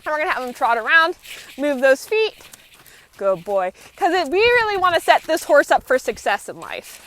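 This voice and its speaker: Bright high-voiced woman horse trainer. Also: brisk, slight background noise. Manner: calm, explanatory, talks while working a horse. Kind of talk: live training commentary. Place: outdoors, working with a horse.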